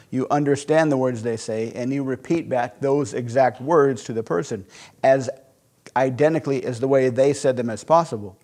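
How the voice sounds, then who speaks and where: A man teaching sales psychology through a conversational, animated personal story. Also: medium pitch. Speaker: sales instructor. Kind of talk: storytelling lesson.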